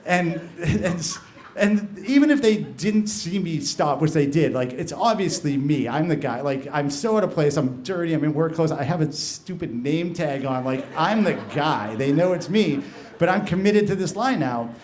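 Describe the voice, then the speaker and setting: A man's voice: on the high side, animated, moderate pace, a little mellow. Man telling a story to a live crowd. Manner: conversational, frequent "like" fillers and restarts. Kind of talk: live first-person storytelling. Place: live story slam event.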